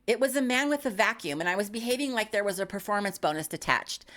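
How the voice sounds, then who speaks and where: A woman's voice: medium pitch, lively intonation, fast talker, a bit bright. A woman in her fifties giving a scripted comedic monologue as a YouTube creator, wry and self-mocking with dry punchlines.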